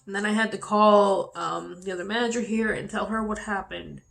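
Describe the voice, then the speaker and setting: This young adult woman's medium-pitched voice is creaky and a bit bright, with fairly even intonation and normal speed. Telling an emotional personal story for her vlog, she swears freely and gets louder and higher when upset, her mouth dry.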